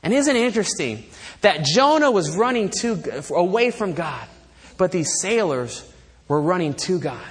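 A pastor delivers his sermon in a fairly high, animated voice, pressing his points hard and slipping in wry asides. The sound carries the long reverb of a large hall.

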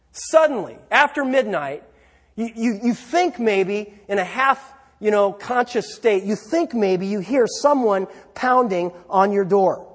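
A pastor preaching a sermon, telling a story in a loose, conversational way with fillers and repeated words. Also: male voice, very high-pitched. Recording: reverberant church hall.

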